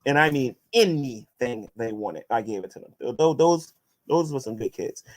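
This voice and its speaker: A man's voice: medium pitch, animated, normal speed. A man vlogging as he answers viewer questions and combatively addresses his critics, often restarting his sentences. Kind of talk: casual vlog monologue.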